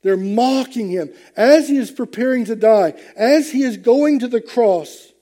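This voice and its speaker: A man's voice: very high voice, a little slow, dark tone. A man preaching a sermon to his congregation, emphatic, swelling and dropping with the message. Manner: emphatic, rising and falling with the message. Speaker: pastor.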